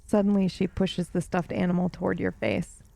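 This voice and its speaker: A young woman talks through a story game for her viewers, reading its text aloud between chatty, laughing asides. Her mid-pitched voice has a gravelly fry at the ends of phrases, and the sound is dry and close. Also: flat delivery, moderate pace, warm tone, no room sound. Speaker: let's play streamer.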